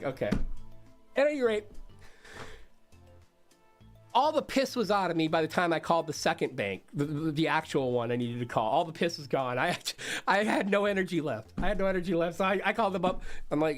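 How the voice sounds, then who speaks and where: Male streamer, slightly high voice, animated and profane storyteller, faint music behind. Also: a little fast. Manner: animated, swears freely, laughs often. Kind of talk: casual storytelling to a stream chat.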